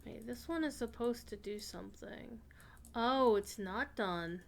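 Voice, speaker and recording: A woman's voice: a little high, measured pace, vocal fry. A woman streaming a video game, chatting casually with her viewers. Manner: chatty, talks to her chat, swears casually. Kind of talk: casual gaming commentary.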